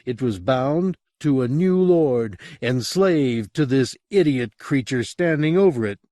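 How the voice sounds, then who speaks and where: A man reading a horror audiobook as narrator, in an expressive storytelling manner. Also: mid-range voice, measured pace, no echo, studio quality. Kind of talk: scripted narration.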